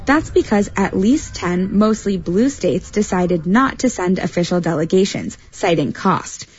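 A woman correspondent reading a radio news report in a measured, clear voice. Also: mid-range voice, expressive, a little mellow, muffled recording, slight background noise.

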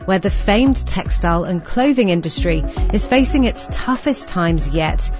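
A woman's voice: on the low side, animated, measured pace, darkish tone. Female presenter, scripted radio delivery, faint music underneath, slightly dull sound. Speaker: business programme presenter. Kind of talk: radio presenting and field reporting.

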